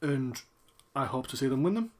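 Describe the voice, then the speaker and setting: A man with a mid-range voice reviews a wrestling show in casual chat, reacting to the matches with excitement and readily cheering at the screen.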